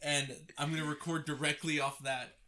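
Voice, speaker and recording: A man in casual chat who spins silly ideas in a deadpan way, often breaking into giggles. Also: on the high side, moderate pace, a crowd in the background.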